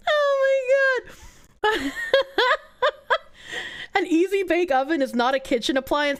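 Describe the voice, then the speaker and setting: A woman with a New Jersey accent streaming live, reacting to chat in a loud, crude, animated way and breaking into shrieking laughter. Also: high voice.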